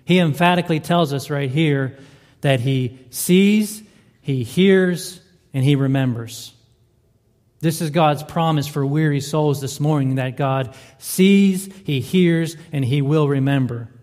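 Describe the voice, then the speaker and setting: A man's voice: fairly high pitch, slow, darkish tone. Preaching man in a reverberant hall. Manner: repetitive rhetorical questions, emphatic. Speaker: pastor. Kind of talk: sermon.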